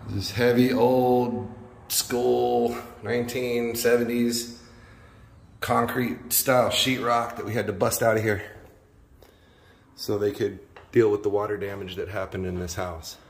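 A man's voice: fairly low pitch, a little hiss or hum. A man casually filming a demolition job, touring the gutted rooms and joking as he goes. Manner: jokey, laughs often, exclaims loudly. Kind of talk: casual vlog walkthrough. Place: inside a gutted house. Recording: echoey empty room, faint ambience.

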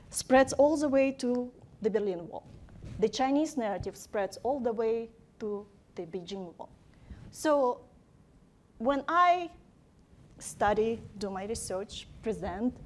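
Woman lecturer, slow and deliberate, slightly high voice, keeps asking the room questions. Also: a little mellow, a little hiss or hum. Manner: deliberate, emphatic, rhetorical questions. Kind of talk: academic lecture.

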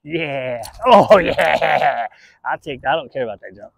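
A man's voice: animated, unhurried, creaky, no echo. Man praising his dog in sing-song bursts. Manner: praises the dog in high sing-song bursts, then drops to quiet asides. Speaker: dog trainer. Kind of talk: training a dog while explaining to camera.

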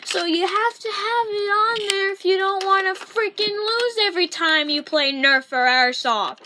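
A woman's voice: very high voice, moderate pace, few pauses, pushed and bright, slight background noise. A woman vlogger ranting to camera in a frustrated, insulting way and swearing mildly. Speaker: gaming vlogger. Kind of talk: angry rant to camera.

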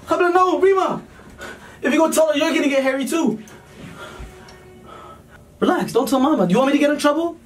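Man, twenties, prank vlogger, playful, teasing, excitable, indoors at home, slightly distant mic, faint background music. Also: extremely high pitch, brisk, long pauses. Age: 20s. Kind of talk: casual prank vlog.

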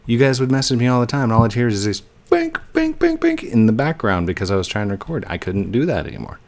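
A man's voice: medium pitch, huge pitch swings, fast, vocal fry. A man giving playful, chatty commentary on a game he is playing and talking to himself as he goes. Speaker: gaming YouTuber. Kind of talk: gameplay commentary.

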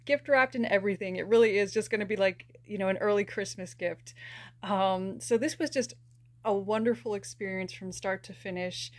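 A young woman from the United States hosting an unboxing vlog, gushing and excitable, with frequent restarts and gasps. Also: medium pitch, normal speed. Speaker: plush collector and vlogger.

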